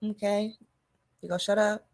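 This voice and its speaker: A woman hosting a podcast, delivering a loud, animated comedic monologue to her listeners. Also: medium pitch, normal speed. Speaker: podcast host.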